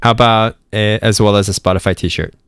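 Smooth low-voiced American man. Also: steady tone, fairly quick, fairly bright tone, no echo, studio quality. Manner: jokey, laughs often. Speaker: podcast co-host and designer. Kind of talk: casual chat.

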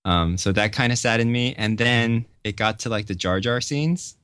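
A man's voice: mid-range voice, normal speed, fairly bright tone, clean tone, no echo. A man talking casually on a podcast, telling stories with lots of fillers and laughter.

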